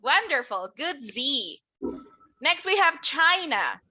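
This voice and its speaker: A woman's voice: sits high, very animated, slow, over a noisy crowd. A woman teaching an English class, modeling words for the students to repeat and encouraging them. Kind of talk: classroom lesson.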